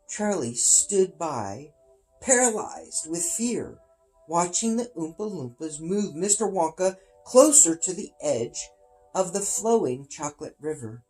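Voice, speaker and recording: A man reading his own story aloud, dramatic and expressive. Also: fairly high pitch, a little slow, faint music behind, rough recording.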